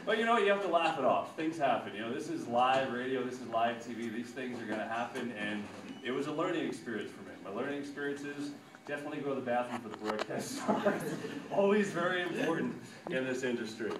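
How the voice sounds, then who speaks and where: A man, a sportscaster, giving an animated storytelling talk to students and acting out quotes with loud bursts. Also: medium pitch, a little fast. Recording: echoey room, distant mic, background noise.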